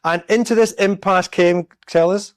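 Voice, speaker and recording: A man's voice: high voice, fairly even intonation, moderate pace, no room sound, studio quality. A man from Scotland, giving a storytelling public talk as a guest speaker in a church. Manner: storytelling, acts out quoted voices.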